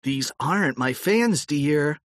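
A man's voice: on the high side, animated, slow, no room sound, voice pushed up. A man doing a flustered grown-up man. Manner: startled, exclaiming. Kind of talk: audiobook character voice.

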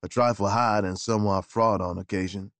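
Formal manservant voiced by a man, deferential, low measured voice, dry close recording. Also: dry recording. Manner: measured, polite, low and even.

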